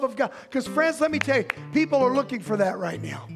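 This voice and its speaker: A man with a Southern US accent, a pastor preaching a sermon in folksy, emphatic storytelling that drops to a hush for drama. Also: extremely high pitch, sing-song, brisk, gravelly, over music. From Southern United States. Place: church sanctuary.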